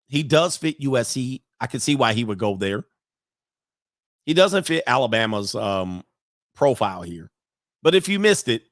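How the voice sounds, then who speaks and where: A man hosting casual sports commentary, animated and laughing often, with sudden high-pitched outbursts. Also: no echo, studio quality.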